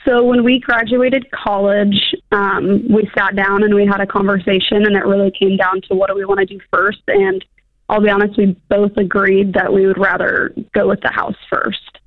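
A woman's voice: mid-range voice, steady tone, normal speed, dry recording. A young woman in her twenties calling an advice show, earnest and hesitant, heard over a phone line. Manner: earnest, hesitant, laughs nervously. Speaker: caller. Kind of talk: radio advice call.

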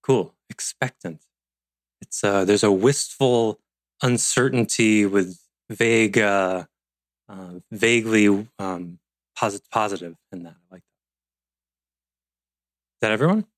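A man's voice: lowish voice, a little slow, long pauses, dry recording. A man teaching an online leadership class over a video call, rambling with playful asides and self-interruptions. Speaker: course instructor.

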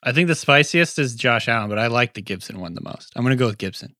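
A man in his forties talks in a rambling, jokey way, trailing off into fillers. His pitch is middling. The recording is dry and close. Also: animated, quick pace, pushed and bright, no echo. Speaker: podcast co-host. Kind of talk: casual chat.

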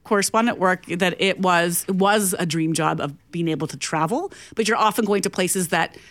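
A woman's voice: lowish voice, normal speed, a bit bright. Chatty, laughing woman radio co-host. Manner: chatty, laughs often, self-mocking. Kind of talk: casual radio banter.

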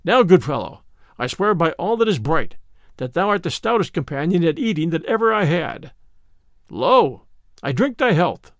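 A hearty, boastful outlaw, as a male reader plays him in a storybook tale, full of old courtly turns of phrase. His voice sits high and swings lively up and down. The sound is close and dry. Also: moderate pace, dry recording. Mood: jovial. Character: hearty bold outlaw man, jovial and boastful. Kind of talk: storybook character voice.

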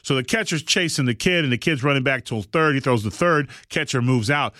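A man hosting a podcast, telling a long story in casual chat, animated and rambling with frequent restarts. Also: medium pitch, fairly quick, dry recording, clean studio sound. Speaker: podcast host.

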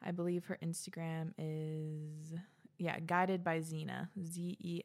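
A young woman hosting her own podcast in casual solo chat, swearing freely and dropping into soft whispers. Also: low voice, level tone, takes it slowly. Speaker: podcast host.

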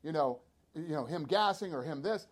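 A man's voice: fairly high pitch, animated, moderate pace. A man guesting on a podcast as a sports promoter, telling stories emphatically and acting out what others said. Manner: emphatic storyteller, acts out quotes. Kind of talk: casual podcast talk.

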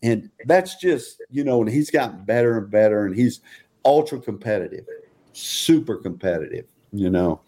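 A man's voice: animated, normal speed, mellow. Older man, laughing storyteller. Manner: laughs often, acts out quotes in a higher voice. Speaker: former football coach, guest. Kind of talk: casual podcast chat, storytelling.

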